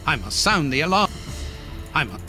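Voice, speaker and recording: Earnest doctor sidekick in a game, formal, lively pitch. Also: male voice, moderate pace, over music. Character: earnest male doctor companion. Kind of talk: video game voice acting.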